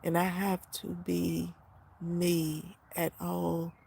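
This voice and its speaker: Fifties woman vlogger, low and raspy-edged, talks straight from the heart with no script. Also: flat delivery, very slow, a little mellow. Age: 50s. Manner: rambling, emotional, heartfelt. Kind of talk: unscripted casual vlog.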